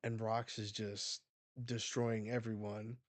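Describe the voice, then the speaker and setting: A man hosting a live manga reaction, retelling the chapter excitedly and swearing as he goes. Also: lowish voice, takes it slowly, no room sound.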